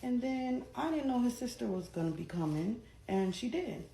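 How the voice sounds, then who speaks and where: A woman chatting casually in a storytime vlog, animated and profane, jumping between loud bursts and low asides. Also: moderate pace, vocal fry. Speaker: storytime vlogger. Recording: echoey room with faint noise.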